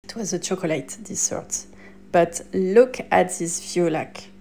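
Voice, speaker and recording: A woman's voice: fairly low pitch, measured pace, a little hiss or hum. A woman narrating a shopping vlog as a personal shopper and stylist, chatty and enthusiastic. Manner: relaxed, chatty, enthusiastic about pieces. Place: Paris shops and rooftop.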